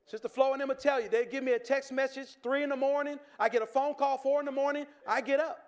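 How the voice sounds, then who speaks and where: A pastor preaching a sermon in a conversational way, with stammered restarts and quick chuckles. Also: male voice, very high voice, fairly even intonation.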